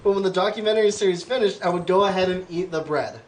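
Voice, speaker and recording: A man's voice: sits high, quick pace, a little hiss or hum. A man hosting a casual comedy podcast, playfully reading quiz questions aloud and quizzing his guests. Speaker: podcast host.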